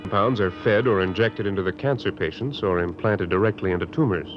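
A man's voice: lowish voice, brisk. A man explaining laboratory work formally in a 1950s educational film. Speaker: lab scientist explaining equipment. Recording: dull lo-fi old film soundtrack with music.

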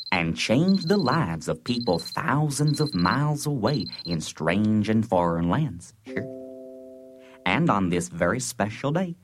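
A man's voice: fairly low pitch, a little hiss or hum. A man playing a president as a children's-show host, talking down as to children in a sing-song way. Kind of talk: comedy sketch record.

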